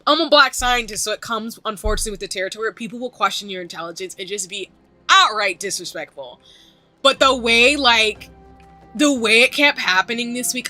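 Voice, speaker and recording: A woman streamer speaks straight to her chat in a casual, earnest way, her voice on the verge of tears. Her tone is bright and sharp, set a little high for a woman. Soft music plays faintly underneath. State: tearful, voice choking up.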